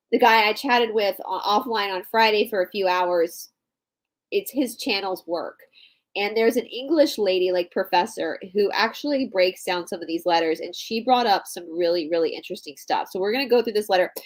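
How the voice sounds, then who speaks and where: A woman's voice: medium pitch, rough recording. A woman from Atlanta, co-hosting a live online show, explaining things in a chatty way and talking straight to her listeners. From Atlanta, Georgia. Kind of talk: casual chat, explaining and reading aloud.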